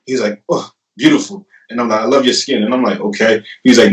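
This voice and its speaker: A young man in his twenties tells his story as a guest in a loose, laughing, animated way. He sits a little back from the mic. The room adds a noticeable echo. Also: medium pitch, fast, hardly any pauses. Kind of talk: casual storytelling. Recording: roomy, distant mic.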